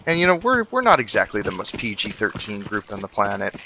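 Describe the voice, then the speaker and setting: A man's voice: lowish voice, huge pitch swings, fast, background noise. A man chatting with his squad mates while playing a shooter game, swearing and laughing often. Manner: crude, joking, laughs often. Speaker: streamer and squad member. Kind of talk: casual gaming chat with friends.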